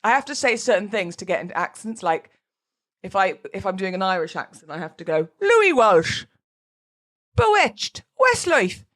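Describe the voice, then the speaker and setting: A woman's voice: fairly low pitch, quick pace, a bit bright. Woman, wedding podcast host, casual chatty oversharer, self-deprecating. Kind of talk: casual chat.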